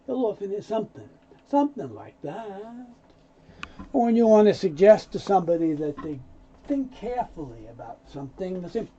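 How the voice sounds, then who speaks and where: Lively man teaching English pronunciation. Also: high-pitched, husky. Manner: acts out example lines in an offended tone. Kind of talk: explaining spoken English sounds. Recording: dull lo-fi sound.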